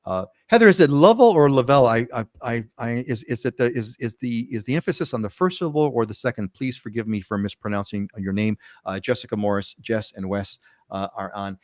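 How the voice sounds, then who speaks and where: A man's voice: fairly low pitch, fairly quick, a little mellow, no room sound, clean studio sound. A man in his fifties hosting a live panel show, chatting casually and rambling with frequent restarts. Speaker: host.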